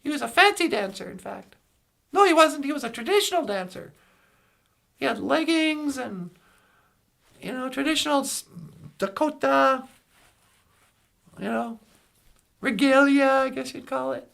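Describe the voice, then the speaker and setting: A woman tells a long joke on a live stream, rambling and correcting herself as she goes. Her voice sits high and carries a gravelly fry. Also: animated, measured pace, long pauses, fairly bright tone.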